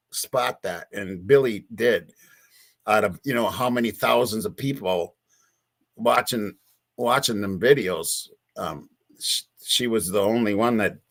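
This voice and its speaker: A husky-voiced man rants in casual commentary and keeps circling back to the same point. He speaks slowly and sounds exasperated, with curses mixed in. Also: fairly low pitch, a bit bright. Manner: exasperated, repeats himself, swears. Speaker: true crime commentator.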